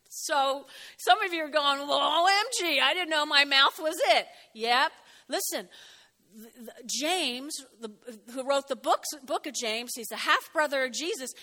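A woman pastor preaching a lively sermon, chatty and animated, joking and laughing with her congregation. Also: high-pitched. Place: church hall. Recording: long hall reverb. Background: congregation shouting out.

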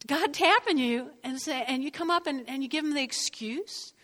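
A woman pastor preaches in a bright, fairly high voice, conversational and lively, drawing call-and-response from her congregation. Her words ring out with the long reverb of a large hall. She speaks like she's talking with friends from the pulpit. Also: moderate pace. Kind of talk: sermon.

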